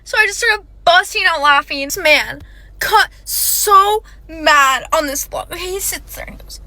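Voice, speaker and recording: Brief: young woman, very high and bright voice, casual storytime, dramatic and chatty. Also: a little slow, dry recording. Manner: dramatic, emphatic, chatty with fillers.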